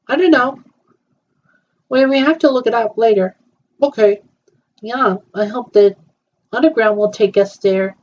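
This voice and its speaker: A woman acts out a trip in a fairly high voice, pausing often and filling gaps with hesitant fillers. The sound is dull and lo-fi. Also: a little mellow. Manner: hesitant, halting talk with many fillers. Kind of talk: acting out a trip with several voices.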